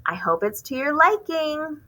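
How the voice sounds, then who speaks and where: A woman reading aloud voicing a mother who hides her annoyance behind a high, sing-song politeness. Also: sing-song, measured pace, pushed and bright, full character voice. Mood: tight.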